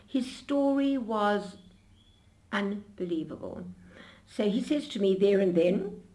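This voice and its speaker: Older woman, interviewee, animated storytelling, frequent restarts. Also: medium pitch, slow pace.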